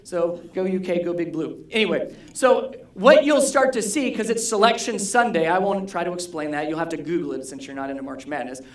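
A pastor gives a relaxed, conversational sermon in a roomy church sanctuary, and the voice echoes around the space. The speaker keeps checking in with the congregation through quick questions and circles back to the same key words. The pitch sits in a middle range. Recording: roomy hall echo.

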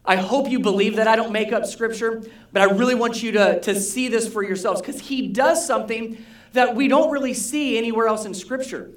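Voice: medium pitch, brisk. A pastor preaching a conversational sermon, often asking the congregation questions and repeating key words. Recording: roomy hall echo.

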